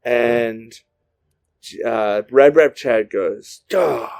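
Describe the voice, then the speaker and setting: A man's voice: lowish voice, a little slow, a little mellow. A man co-hosting a podcast, improvising a comic story in a rambling, jokey way. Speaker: podcast co-host.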